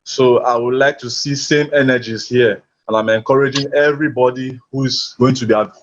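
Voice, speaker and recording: A man from Nigeria, giving an impassioned, emphatic rally speech over a video call. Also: medium pitch. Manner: rousing, emphatic, slogan-driven. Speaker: protest speaker. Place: hospital. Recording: muffled online call audio.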